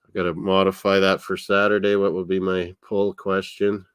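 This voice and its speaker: Man, low voice, smooth and clear, dry close sound, rambling casual live-stream chat. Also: flat delivery, normal speed, no echo. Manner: rambling, chatty, laughs often. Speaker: watchalong host.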